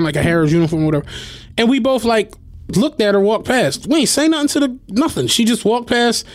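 A young man co-hosting a podcast, telling a story in casual, profane chat and often laughing. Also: high voice. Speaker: podcast co-host.

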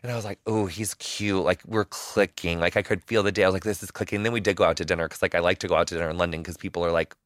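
A man's voice: low voice, flat delivery, racing, few pauses, a bit bright, no echo, clean studio sound. A man chatting as a podcast guest, telling rambling stories full of fillers and swearing. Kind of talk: casual chat.

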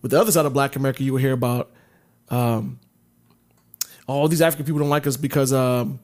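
A man's voice: medium pitch, fairly even intonation, fast, darkish tone. A man co-hosting a podcast in casual chat, talking in a rambling, profane way with many restarts. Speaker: podcast co-host.

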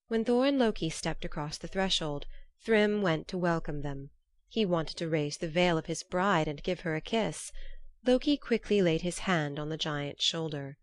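Woman storyteller, storybook narration, measured and formal, dry recording. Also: sits low, dry recording.

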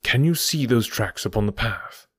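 A man voicing a keen, commanding detective in an audiobook, eager and probing, sometimes dropping to a low murmur. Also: animated, moderate pace, breathy edge, no echo, clean studio sound. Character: keen, commanding middle-aged male detective. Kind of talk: audiobook character voice.

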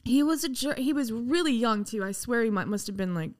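Brief: woman guest, slightly high pitch, animated rambling storyteller, quick to laugh. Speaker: podcast guest. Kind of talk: casual chat. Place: Los Angeles resident.

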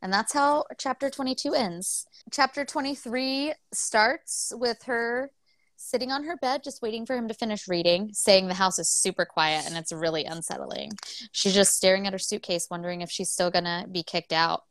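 A woman co-hosting a casual book podcast, retelling the story with animated voices for the characters and casual swearing. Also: medium pitch, normal speed, no echo. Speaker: podcast co-host.

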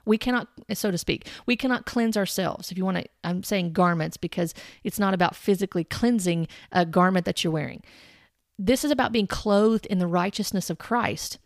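A woman's voice: lowish voice, moderate pace, no echo, studio quality. A woman giving an earnest, corrective Bible commentary, citing chapter and verse and speaking straight to her viewers. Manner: addresses viewers directly. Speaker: Christian commentator.

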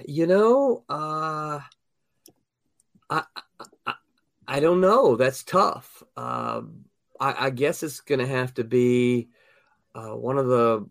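Podcast host, male; animated intonation, halting and self-correcting delivery, dry sound. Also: mid-range voice, creaky, no room sound. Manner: hesitant, lots of restarts and laughter. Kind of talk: casual chat.

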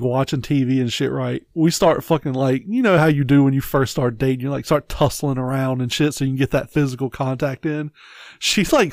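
A man's voice: mid-range voice, dry recording. A man, co-hosting a podcast and telling crude stories with lots of swearing and laughter. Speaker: podcast co-host. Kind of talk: casual chat.

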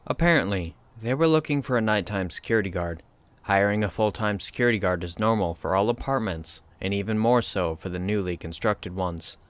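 A man narrating a horror story in a measured, grim storytelling manner. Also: on the low side. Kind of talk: scripted narration.

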